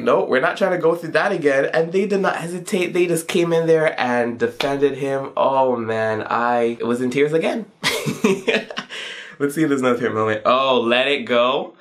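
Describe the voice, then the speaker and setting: Excitable young man gushing in slang. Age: 20s. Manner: excitable and gushing, with pitch leaps on quoted reactions; casual slang, says "yo" and "man" often. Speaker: video game reviewer. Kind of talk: casual video review.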